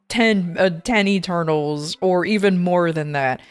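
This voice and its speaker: A woman's voice: lowish voice, takes it slowly, dry recording. A woman VTuber streamer chatting casually while gaming, rambling and ranting in an exasperated way.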